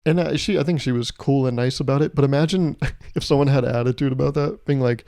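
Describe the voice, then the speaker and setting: A man's voice: medium pitch, quick pace, dark tone, no room sound, clean studio sound. A young man hosting his podcast, telling a travel story in a casual, comedic way with exasperated, swearing rants. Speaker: podcast host.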